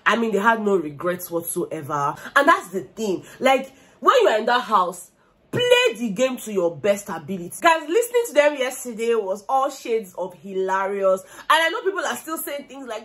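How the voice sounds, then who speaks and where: A young woman with a Nigerian accent, giving animated, gossipy commentary on a reality show and slipping into Pidgin slang. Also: on the high side, normal speed. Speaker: vlogger.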